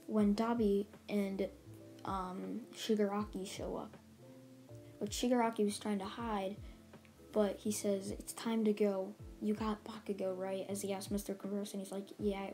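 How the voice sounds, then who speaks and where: A woman's voice: mid-range voice, mellow. A woman casually retelling a story as a channel host, stringing events together with "and then he's like.". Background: faint background music.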